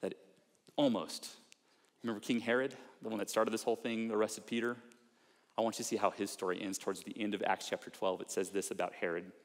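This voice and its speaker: A man's voice: fairly low pitch, steady tone, fairly quick, big-room sound. A man preaching a sermon as a pastor, speaking earnestly and conversationally and acting out heartfelt prayers. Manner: earnest, conversational preaching with acted-out prayers and mock self-talk. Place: large church auditorium.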